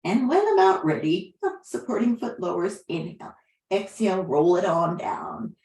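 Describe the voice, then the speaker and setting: A woman yoga teacher guiding a class with gentle, unhurried cues and soft affirmations. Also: on the low side, expressive. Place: class room. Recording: roomy echo.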